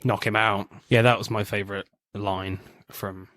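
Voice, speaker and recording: A man's voice: lowish voice, flat delivery, normal speed, fairly bright tone, no room sound. A man co-hosting a casual film podcast, laughing often and reading quotes aloud. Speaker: podcast co-host. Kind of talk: casual film review chat.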